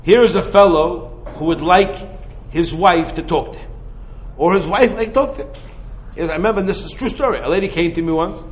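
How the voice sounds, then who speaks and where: A man teaching Torah in a lively lecture. He fires off rhetorical questions and mixes Hebrew and Yiddish terms into casual English. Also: high-pitched, a little fast, rough recording. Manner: animated, full of rhetorical questions.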